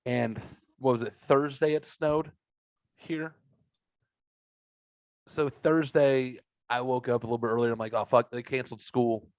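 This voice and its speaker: A man's voice: medium pitch, little pitch movement, a little slow, pauses often, no room sound, highs cut off. A man hosting a podcast, telling a long story in casual chat and swearing a lot. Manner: profane, rambling storyteller. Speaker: podcast host.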